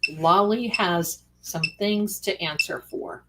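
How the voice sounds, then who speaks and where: Excited woman chatting slow on a live stream, loud dish and cutlery clatter behind her. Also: on the low side, heavy background noise. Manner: excited, chatty, talks with mouth full. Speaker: livestream host. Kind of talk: casual live commentary while eating.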